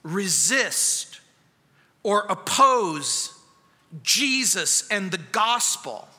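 A male pastor preaches in a bright, tense, fairly high voice, telling a story earnestly and dropping to near-quiet for emphasis. His words ring out with the long reverb of a church sanctuary. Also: big pitch swings, drawn-out words. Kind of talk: expository sermon.

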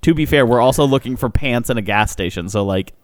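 With no echo and a quick pace, a medium-pitched man co-hosting a podcast spins an amusing anecdote in casual conversation. He's an animated storyteller who keeps laughing and performs other people's quotes.

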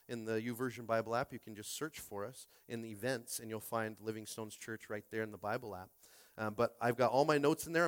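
A man preaching a Sunday sermon as pastor, stumbling over repeated words and rallying his listeners. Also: medium pitch.

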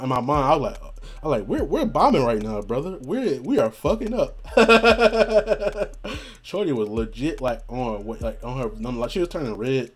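Joking, profane man telling a story. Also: medium pitch. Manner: joking, profane, laughs often, acts out quotes. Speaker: vlogger telling a personal story. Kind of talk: casual storytelling monologue.

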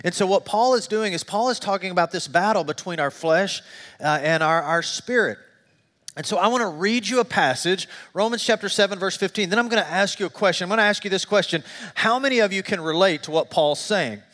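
A middle-aged male pastor preaches to a congregation, his voice sitting a little high and carrying a long reverb through the sanctuary. He tells stories with animated, self-deprecating humor, dropping quiet and low for confessional stretches. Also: fairly quick. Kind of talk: sermon. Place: church sanctuary.

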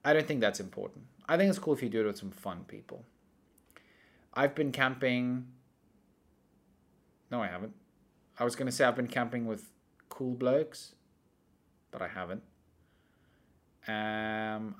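A young adult man in casual chat, telling rambling stories in animated bursts. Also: mid-range voice, normal speed, pauses often. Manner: rambling, animated storytelling that often breaks into laughter.

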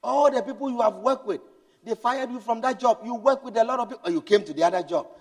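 A man preaching a sermon, swinging between loud, urgent exhortation and low, hushed storytelling. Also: fast talker, long reverb tail.

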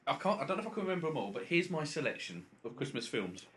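A man's voice: a little high, big pitch swings, racing, fairly bright tone, slight background noise. A man co-hosting a podcast, chatting casually in a jokey, rambling way. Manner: jokey, rambling, slips into silly voices. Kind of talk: casual chat.

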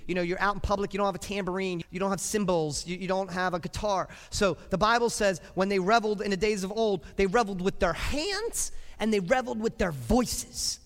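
A male pastor delivers an emphatic sermon, repeating phrases for effect. His voice sits high. The sound carries the long reverb of a church sanctuary. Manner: emphatic, repeats phrases, breaks into shouted cheers.

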